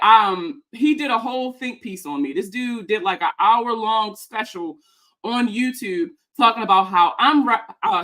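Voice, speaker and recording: A personal finance content creator with a slightly high, fairly bright voice reacts to a video about her. She rants fast, heated and profane, full of sarcasm and mockery.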